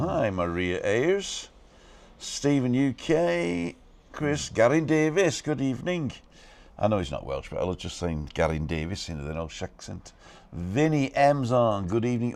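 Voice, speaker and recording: A man hosting a casual live stream from a balcony, talking fast and reading out viewers' comments and names. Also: mid-range voice, very animated, creaky, darkish tone. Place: balcony outdoors.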